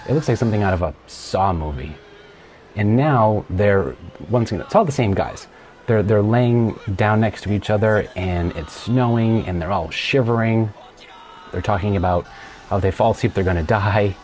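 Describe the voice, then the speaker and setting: A man hosting a casual solo show, retelling things in a rambling, animated way with plenty of restarts. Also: lowish voice, normal speed. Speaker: podcast host.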